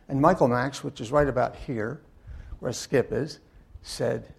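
An older man giving a sermon in a church, telling wry stories in a halting way full of uh and restarts. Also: mid-range voice, creaky, husky. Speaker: guest speaker and Bible teacher. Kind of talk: anecdotal sermon talk.

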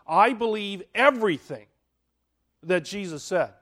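Unhurried and expressive, a high-voiced man preaches with drama, dropping from loud, emphatic lines to near-hushed ones. He repeatedly asks his listeners questions.

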